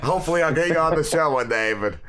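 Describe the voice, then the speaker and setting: Joking podcast host man, lively pitch. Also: fast talker, crowd noise. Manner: jokey, laid-back, says bro and man. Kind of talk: casual comedy podcast chat.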